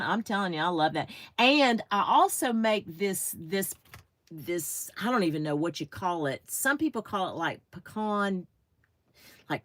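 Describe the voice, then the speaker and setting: A woman's voice: on the low side, no room sound. A middle-aged woman chatting casually with viewers while crafting on a livestream, greeting them by name and thinking aloud.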